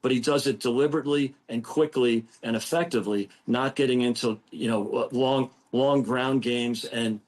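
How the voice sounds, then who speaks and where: A man's voice: mid-range voice, fairly even intonation, normal speed, hardly any pauses, darkish tone. News panel guy, mid voice, confident and argumentative, keeps repeating words. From United States. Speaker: political commentator guest. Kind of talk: live TV news debate.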